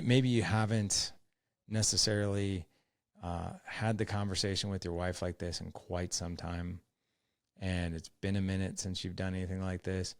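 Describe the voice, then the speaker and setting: A man's voice: low voice, no echo, clean studio sound. A middle-aged man hosting a podcast, talking earnestly and rambling, with many restarts and retold conversations. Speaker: podcast host. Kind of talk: solo podcast talk.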